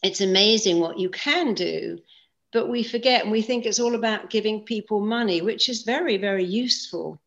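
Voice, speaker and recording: Woman guest, mid-pitched, chatty storyteller who acts out quotes; dull lo-fi mic. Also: moderate pace. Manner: lively, acts out quoted speech. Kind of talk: conversational storytelling. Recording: dull lo-fi sound.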